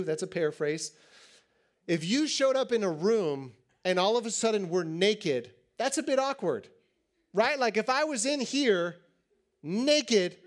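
A man in his thirties preaching to teens in a joking, animated way, acting out little scenes. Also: high voice. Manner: animated, joking, acts out quotes. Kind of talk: sermon to teens.

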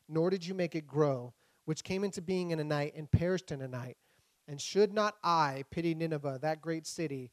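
A young man preaching a sermon, retelling scripture with lively humor, playful voices and sound effects. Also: fairly high pitch, dry recording. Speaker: pastor.

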